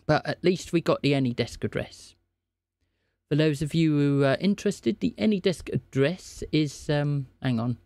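Gravelly teasing man streaming. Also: fairly high pitch, normal speed, a little mellow, no echo. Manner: teasing, mock-innocent. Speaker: scambaiter streamer. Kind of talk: live scam-call banter.

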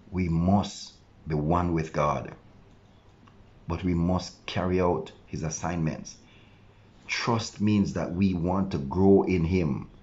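This is a male pastor's earnest devotional sermon, delivered in a very deep, low voice with a darkish tone. Preaching with conviction, he occasionally puts his listeners' objections into words in order to answer them. The recording quality is dull and lo-fi.

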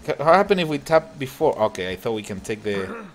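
A man hosting a gaming channel, chatting excitedly and laughing as he comments on a mobile cooking game. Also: mid-range voice, fairly quick, slight background noise. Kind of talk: casual gameplay commentary. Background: game music.

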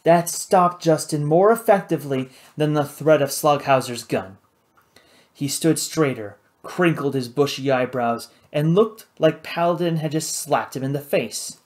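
Guy narrating an audiobook, steady and measured, slightly high voice. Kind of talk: scripted narration.

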